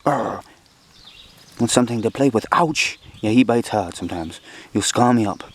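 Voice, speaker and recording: A man's voice: lowish voice, quick pace, a little mellow. A man with a strained, worn-out voice chatting casually in a rambling, giggly way while coaxing his cat. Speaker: podcast host.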